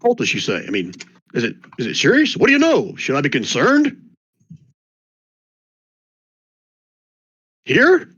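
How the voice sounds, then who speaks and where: A man voicing a rambling, gossipy old country man with an odd folksy drawl and excitable questions. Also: a little fast, slightly rough, dry recording, heavily acted. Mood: alarmed, curious. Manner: excitable, questions shoot up in pitch. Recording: dull lo-fi dry mic.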